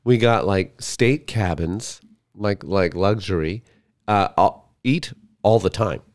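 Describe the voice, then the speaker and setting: A man with a somewhat low voice chats casually as a podcast guest. He tells his stories in a loose, rambling way, full of fillers and restarts. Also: takes it slowly. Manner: rambling storyteller, many fillers. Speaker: guest comedian.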